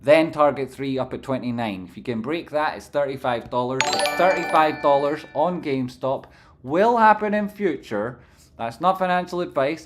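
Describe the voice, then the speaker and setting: A man commentating stock charts on a live stream, rambling and swearing casually while reading out viewer messages. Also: fairly high pitch. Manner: casual and profane, reads chat aloud; rambling, animated.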